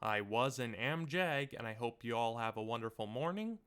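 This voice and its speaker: A young man hosting his own video essay, reading a scripted voice-over in an earnest, measured, explanatory way into a home mic setup. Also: medium pitch, expressive, a bit bright, smooth.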